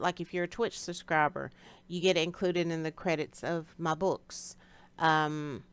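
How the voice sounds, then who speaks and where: A woman's voice: deep voice, clear, resonant tone, no room sound. A woman hosting a live stream in a casual, chatty way, greeting viewers by name and answering them directly. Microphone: streaming setup.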